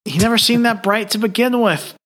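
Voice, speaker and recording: A man's voice: sits high, brisk, fairly bright tone. A man co-hosting a podcast, chatting casually with dry, matter-of-fact remarks. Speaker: podcast co-host. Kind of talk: casual chat.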